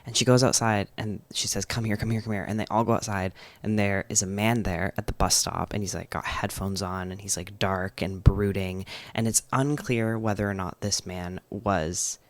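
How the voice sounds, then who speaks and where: A man recaps a novel for his book channel in a relaxed, chatty way, sprinkling in "like" as he goes. His voice sits a little low. The recording is dry and close, with no room sound. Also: normal speed, few pauses, dry recording. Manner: chatty, frequent "like" fillers, enthusiastic. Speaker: book vlogger. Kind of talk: casual book summary and review.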